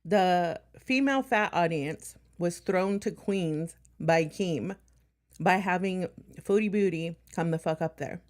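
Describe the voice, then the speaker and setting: A woman's voice: lowish voice, takes it slowly. A woman streamer talking bluntly and profanely in casual stream chat, with a sarcastic edge. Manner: slightly out of breath while moving furniture.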